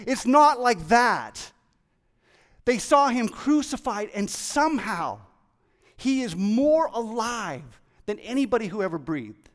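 A man preaching a sermon as pastor, excitable and animated, acting out the voices of people in the story. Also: extremely high pitch, unhurried. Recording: long reverb of a large hall.

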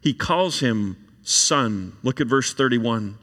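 A man preaching a sermon, reading scripture aloud and then explaining it in an animated way. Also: medium pitch, takes it slowly. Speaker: pastor. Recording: long reverb of a large hall.

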